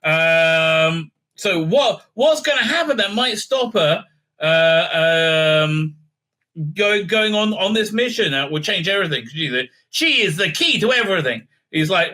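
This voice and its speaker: A man with a high, bright, forward voice hosts a casual show recap. He rambles through the story with a steady stream of fillers and sarcastic asides. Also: unhurried. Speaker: show host reviewing TV episodes.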